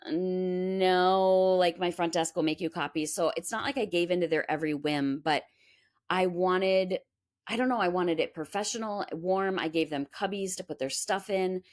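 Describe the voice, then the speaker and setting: A woman being interviewed about her music school, telling stories in a chatty way and acting out what people said. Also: lowish voice. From Minnesota, US. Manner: animated, acts out quoted voices. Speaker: guest, music school owner. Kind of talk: casual storytelling interview.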